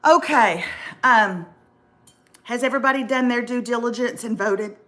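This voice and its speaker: A middle-aged woman hosting a casual chat show, animated and jokey, calling her viewers y'all. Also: fairly high pitch, moderate pace. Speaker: host.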